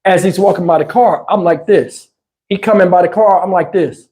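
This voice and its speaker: A man telling stories on his live stream, in a casual, animated way with crude slang and frequent laughter, through a lapel mic. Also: high-pitched, normal speed. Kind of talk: casual anecdotal storytelling. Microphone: wireless lapel mic.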